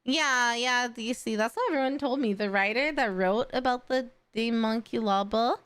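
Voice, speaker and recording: Smooth-voiced woman streamer, excitable. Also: fairly high pitch, moderate pace, no room sound. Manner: excitable, swears casually, laughs often. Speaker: streamer reacting to a video. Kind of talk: casual live-stream chat.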